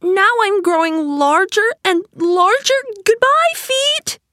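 A woman voicing Alice, a curious and polite little girl, in a high childlike voice for a storybook reading. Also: lively intonation, measured pace, no room sound, clean studio sound. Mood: excited.

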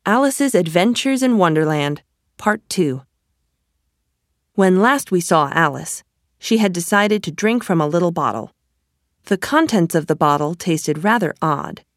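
A woman reading a children's story aloud in a gentle, deliberate storytelling manner. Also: on the low side, lively intonation, dry recording, clean studio sound. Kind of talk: slow storybook narration.

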